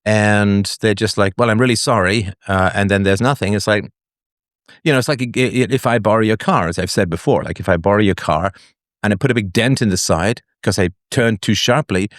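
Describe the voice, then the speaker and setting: A man with a deep voice hosts a live call-in philosophy show. He talks in a reflective, wandering way with a wry edge. His voice sounds dry and close, with no room echo. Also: brisk.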